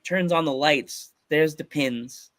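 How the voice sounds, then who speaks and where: A man from Pennsylvania hosting a casual podcast, telling stories with lots of excitement and frequent laughter. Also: a little high, slow, dry recording. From Pennsylvania, USA. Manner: excited storytelling, laughs often. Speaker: podcast host.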